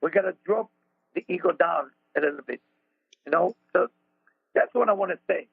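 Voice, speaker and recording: A high-voiced man with an Israeli accent speaks earnestly, often repeating his words as he tells his story. His voice comes over a narrow, phone-like band with a dry, close sound. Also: moderate pace, vocal fry, breathy edge, no echo. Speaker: radio show host, spiritual teacher. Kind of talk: conversational storytelling on talk radio. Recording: dry phone-like radio audio.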